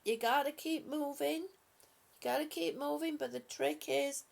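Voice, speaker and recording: A woman hosting a live stream, speaking softly and affectionately to her viewers with halting, repeated words. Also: high voice, steady tone, vocal fry. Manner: soft, affectionate, calls viewers honey and sweetie. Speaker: livestream host reading viewer comments. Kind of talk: slow casual live chat.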